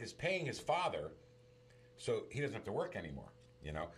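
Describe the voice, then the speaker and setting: A man chatting casually about movies, retelling scenes in an animated storytelling manner. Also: fairly low pitch, moderate pace, background noise.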